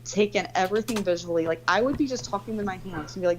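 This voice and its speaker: A woman's voice: medium pitch, fast, poor audio. A woman telling a story in casual chat, rambling and swearing freely, leaning heavily on "like". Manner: rambling, profane, heavy use of "like".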